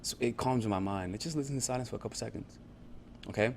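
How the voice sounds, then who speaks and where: A man's voice: mid-range voice, fast, a little hiss or hum. Casual, profane male dating coach. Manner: conversational, repetitive check-ins, profane. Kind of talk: casual instructional talk.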